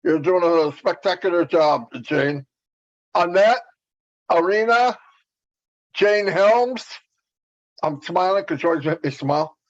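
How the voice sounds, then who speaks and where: A man co-hosting a livestream, relaxed and joking as he greets viewers. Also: high voice, unhurried, long pauses. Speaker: co-host. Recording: dull lo-fi stream audio.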